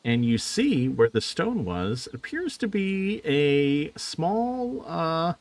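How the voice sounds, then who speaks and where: A man narrating a tabletop game as game master, halting with frequent fillers. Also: fairly high pitch, big pitch swings.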